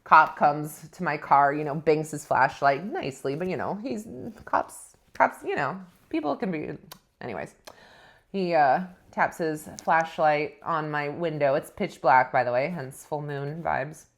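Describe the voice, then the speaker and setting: A woman's voice: deep voice, animated, measured pace. Chatty, laughing woman telling a story. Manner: chatty, laughing, self-mocking. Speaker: spiritual vlogger. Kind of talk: casual storytelling vlog.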